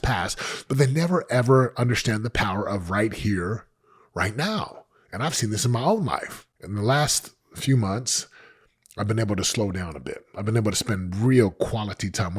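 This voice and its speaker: Man in his late 40s, husky and lowish, hosting a podcast as an emphatic motivational speaker who repeats key phrases. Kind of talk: motivational talk to camera. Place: podcast set.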